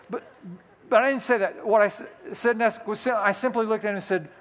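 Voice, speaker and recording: A man's voice: high-pitched, brisk, a bit bright. A male pastor in his sixties preaching a sermon, telling a personal story with folksy, self-deprecating humor. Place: church sanctuary. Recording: long hall reverb.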